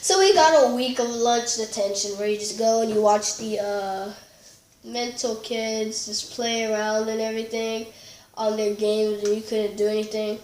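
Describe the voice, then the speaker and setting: High-pitched rambling woman, echoey room. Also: fairly even intonation, moderate pace, a little mellow, slight background noise. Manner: rambling and giggly, with many fillers and restarts. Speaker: storytelling vlogger. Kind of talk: casual storytime chat.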